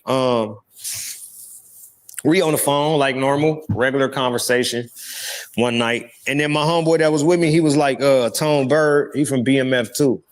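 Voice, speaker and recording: A man in a recorded interview, telling a story in an animated, blunt and profane way. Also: medium pitch. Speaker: interview guest.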